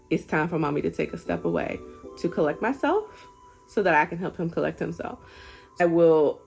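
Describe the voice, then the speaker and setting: Young woman, lowish voice, earnest parenting vlogger talking to camera, faint music underneath. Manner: earnest, conversational, gently encouraging. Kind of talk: casual advice talk.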